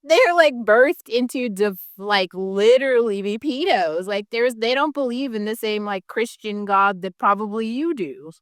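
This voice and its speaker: Her voice is on the high side and animated, and she talks unhurriedly with hardly any pauses. This vlogger's casual rant to camera is heated and full of swearing and "like," with laughter bursting out mid-sentence. The studio-quality audio has no echo.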